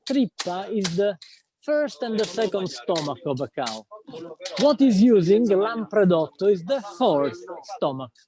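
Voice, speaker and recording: A man with an Italian accent guiding a street tour in English, enthusiastic and halting as he searches for words. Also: high-pitched, very animated, rough recording. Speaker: tour guide. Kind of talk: live walking tour talk. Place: busy street outdoors. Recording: crowd noise behind.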